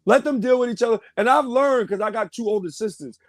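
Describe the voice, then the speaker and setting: A man speaks casually as a podcast guest, his voice pitched fairly high. He stresses his points by saying them again and again. The recording is dry and close. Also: fast, dry recording. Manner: emphatic, repeats his points. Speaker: podcast guest, party promoter. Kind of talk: casual interview chat.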